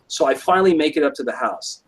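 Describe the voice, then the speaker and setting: A man's voice: on the high side, animated, quick pace, a bit bright, husky, poor audio. A young man telling a rambling story on a live stream, swearing constantly and filling with "like". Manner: rambling, heavy swearing, lots of "like". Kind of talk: casual storytelling.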